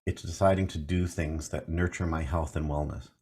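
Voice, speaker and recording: Low husky man in his fifties. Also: fairly even intonation, moderate pace, a little mellow. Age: 50s. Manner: earnest, repeats key phrases, rhetorical questions. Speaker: mindfulness coach. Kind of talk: reflective coaching talk.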